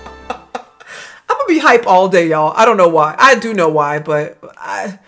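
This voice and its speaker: Lively chatty woman streamer. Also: on the low side, unhurried, soft background music. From Louisiana. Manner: chatty, animated, talks to chat as "y'all". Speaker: gaming streamer. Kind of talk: casual live gameplay commentary.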